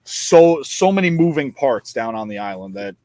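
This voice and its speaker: A man's voice: medium pitch, big pitch swings, normal speed, warm tone, no room sound. A man co-hosting a casual podcast chat, boastful and joking, swearing freely and trailing off into fillers. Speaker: co-host.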